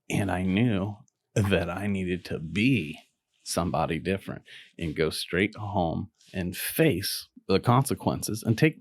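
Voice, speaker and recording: A middle-aged man with a lowish voice tells a long personal story to a podcast host. He talks casually and with energy, swearing here and there and putting on the voices of the people in his story. The sound is close and dry, with no room around it. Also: no echo. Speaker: podcast guest.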